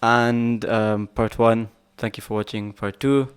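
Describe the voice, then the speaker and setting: A man's voice: mid-range voice, fairly even intonation, measured pace, clean tone. A man hosting a podcast in casual chat, teasing his guest and laughing a lot. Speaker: podcast host.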